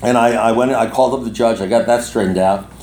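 A man's voice: medium pitch, fairly even intonation, quick pace, darkish tone, reverberant, slight background noise. A man in his sixties speaking to a recovery group, telling a long personal story in a rambling way with many restarts and asides. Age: 60s.

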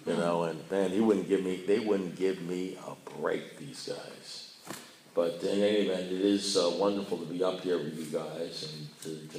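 A man's voice: low voice, darkish tone, slight background noise. An older man, a blunt and rambling storyteller, telling his story at a recovery meeting with self-mocking humor. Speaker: AA speaker. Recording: echoey room.

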